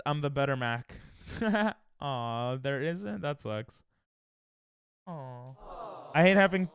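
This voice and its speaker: A man streaming live, chatting casually and playfully with his viewers, with sudden loud bursts. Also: medium pitch, smooth. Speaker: livestreamer.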